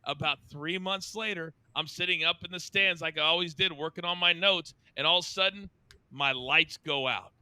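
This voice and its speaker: A middle-aged man hosting a podcast, telling stories with a lively manner and acting out the quotes. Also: normal speed, clean tone, dry recording. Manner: lively, acts out quotes with big pitch jumps. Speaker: podcast host. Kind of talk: animated storytelling.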